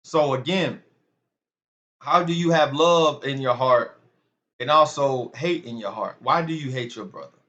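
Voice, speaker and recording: Speaking to his audience like family, this man teaches an informal Bible lesson online in a conversational way. His mid-range voice is unhurried and sharp-toned, captured with lo-fi sound.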